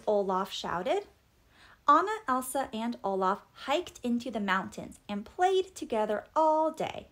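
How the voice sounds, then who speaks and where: A woman reading a children's storybook aloud, with expressive, animated narration as the host of the channel. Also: a little high, unhurried. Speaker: storybook reader.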